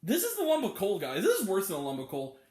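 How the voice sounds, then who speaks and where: A man's voice: sits high, wildly swooping pitch, fast talker, a little mellow. A man in his late twenties reviewing a movie in a casual, exasperated rant, swearing now and then. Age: 20s. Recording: echoey room.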